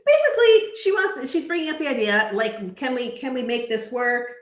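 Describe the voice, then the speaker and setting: A woman's voice: high voice, lively intonation, moderate pace. A woman co-hosting a casual recap chat, giggly and retelling scenes. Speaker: co-host. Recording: echoey room.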